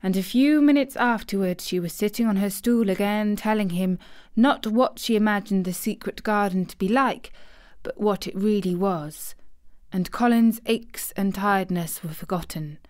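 A woman narrating an audiobook in a calm, measured storytelling manner. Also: mid-range voice.

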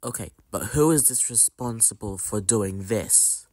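A young man playing out a game role-play skit, reacting with quick, astonished exclamations. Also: fairly low pitch, a little mellow, dry recording. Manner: exclaiming, rapid reactions of disbelief. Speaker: gaming YouTuber. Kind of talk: Roblox role-play skit voicing several characters.

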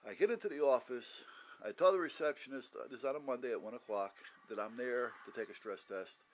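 A man at an ordinary pitch tells his own story in a casual, blunt way. He swears without apology and acts out what people said to him. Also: brisk, low-quality recording. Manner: blunt, swears freely, acts out quoted dialogue. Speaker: vlogger recounting his heart attack.

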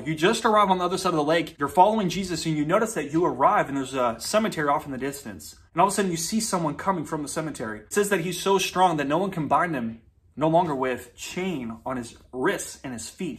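Male preacher, somewhat high voice, storytelling sermon, emphatic repetition, direct address. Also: animated, quick pace, fairly bright tone. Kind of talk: sermon with scripture reading.

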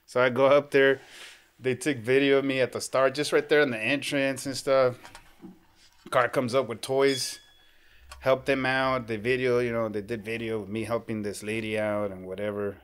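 Animated man telling a fan story. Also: medium pitch, moderate pace, smooth. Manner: animated, acts out quoted dialogue, says "bro" often. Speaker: guest, team superfan. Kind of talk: casual storytelling. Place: podcast studio.

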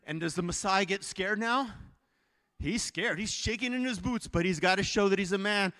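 A man pastor telling a story in a sermon, animated, swinging from hushed to loud, in a church sanctuary. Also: high-pitched, normal speed. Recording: reverberant church hall.

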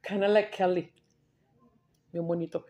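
This mukbang vlogger talks casually as she eats, meandering through anecdotes, mixing in Spanish, and laughing frequently. Her fairly low, warm voice is steady and at normal speed, though the recording's highs are cut off.

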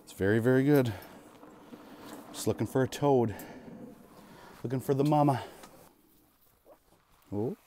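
A man giving excitable live commentary while ice fishing from a shelter on a frozen lake, with bursts of cheering and repeated exclamations. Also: medium pitch, measured pace, long pauses, slight background noise. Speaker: fishing vlogger.

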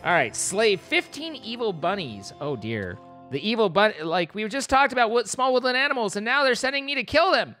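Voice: medium pitch, very animated, a little fast, sharp tone, soft background music. A young adult streamer giving playful, rambling live commentary over a game, breaking into squeals of mock panic.

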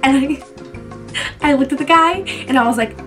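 Chatty New woman, music behind. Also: moderate pace. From New Jersey. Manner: animated, frequent "like", acts out quotes in a higher voice. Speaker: beauty vlogger. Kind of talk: casual storytelling chat.

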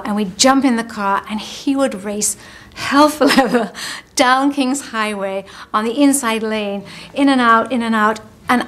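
Older woman, interview, animated storytelling, slightly high voice. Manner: lively storyteller, laughs as she talks. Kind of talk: reminiscing interview.

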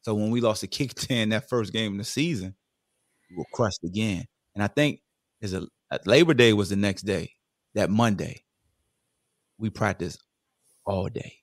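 A man from Virginia, a podcast guest telling football stories in a casual, lively way. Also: lowish voice, normal speed, long pauses, no room sound, studio quality. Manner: lively storyteller who acts out what others said. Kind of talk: casual storytelling interview.

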